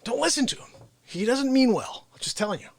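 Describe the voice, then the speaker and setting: A winded man hosts his live show, joking about himself in a playful, upbeat way. His husky voice swoops from high to low and sits fairly high. The sound is dry and close. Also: animated, a little fast, no room sound. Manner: playful, self-mocking, upbeat. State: out of breath. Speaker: host. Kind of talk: live unscripted variety show chat.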